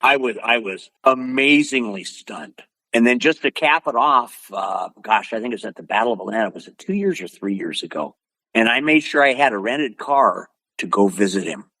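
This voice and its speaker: An older man from Oregon spins his stories with a lively, swooping delivery and a husky edge to his voice. He acts out other people's lines as he goes. The sound is close and dry, with little room around it. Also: medium pitch, moderate pace, no room sound. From Oregon, USA. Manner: lively storyteller acting out quotes. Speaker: guest, martial arts instructor. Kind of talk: animated storytelling.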